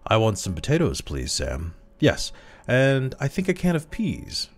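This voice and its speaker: A man reading a story aloud, voicing a young pregnant wife in a bright, rehearsed, sweet manner. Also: low-pitched, sing-song, moderate pace, faint music behind, full character voice.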